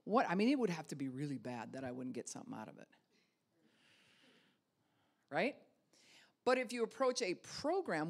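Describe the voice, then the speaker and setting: A woman pastor giving a casual spiritual teaching talk, conversational, with many rhetorical questions and light laughs. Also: low-pitched.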